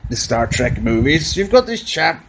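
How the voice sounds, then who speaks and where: A man hosting a comedy podcast, rambling through absurd deadpan jokes and puns that he keeps correcting himself on. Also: medium pitch, moderate pace, vocal fry, a little hiss or hum.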